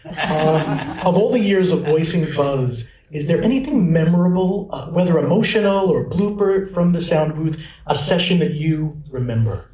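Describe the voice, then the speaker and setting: A male reporter asks the panel a friendly, slightly nervous question. His voice is fairly high. He sounds far off in an echoey room with clear background noise. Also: normal speed, a little mellow.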